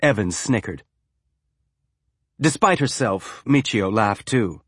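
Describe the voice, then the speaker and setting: A man narrating an audiobook with an even, measured reading. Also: lowish voice, husky, no room sound, clean studio sound.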